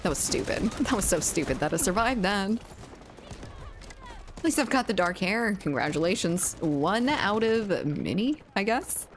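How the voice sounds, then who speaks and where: A woman's voice: medium pitch, huge pitch swings, unhurried, a little hiss or hum. A young woman streaming a game, chatting candidly with her chat, joking and laughing often. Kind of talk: casual stream chat while gaming.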